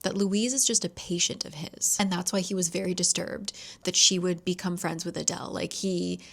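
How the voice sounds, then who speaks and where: A young woman with a slightly low voice talks through a thriller she is reading, recapping the plot in a casual, chatty way. She throws in asides and the odd swear word, like she is confiding in a friend. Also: fairly even intonation, moderate pace, gravelly, a bit bright. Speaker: book vlogger. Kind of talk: casual reading vlog with read-aloud passages.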